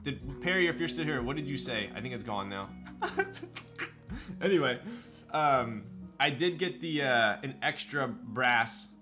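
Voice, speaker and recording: A man's voice: medium pitch, lively intonation, unhurried, music in the background. A man chatting casually on a live stream, answering his viewers' questions as they come in. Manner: chatty, loose, reads and answers chat.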